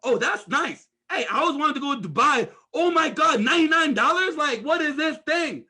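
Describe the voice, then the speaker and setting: A man's voice: very high voice, animated, normal speed, sharp tone, pitched above the performer's own voice, heavily acted. A man doing a gushing, giddy new recruit. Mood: thrilled. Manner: gushing, breathless exclamations. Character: giddy, overexcited newly signed-up recruit.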